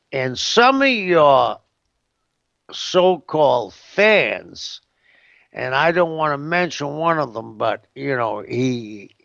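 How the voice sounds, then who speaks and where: Slow gravelly-voiced man rambling. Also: a little high, a bit bright, dry recording, muffled recording. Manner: rambling, hesitant, full of "you know what I mean". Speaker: interview guest. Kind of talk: casual shoot interview.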